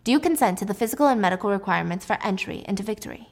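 A woman voicing a clinical doctor who reads out an applicant file in brisk, formal questions. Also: mid-range voice, lively intonation.

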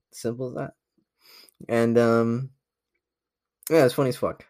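A man's voice: mid-range voice, a little slow, pauses often, dry recording, clean studio sound. A young man hosting a podcast, telling a boastful dating story in a cocky, profane, laughing way. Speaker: podcast host. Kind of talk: casual storytelling monologue.

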